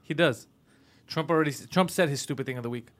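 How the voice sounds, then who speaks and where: A man's voice: on the high side, fast talker. Laughing man hosting a comedy podcast. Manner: laughs often, jokey impressions of others. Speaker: podcast host. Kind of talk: casual comedy podcast banter. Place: podcast studio.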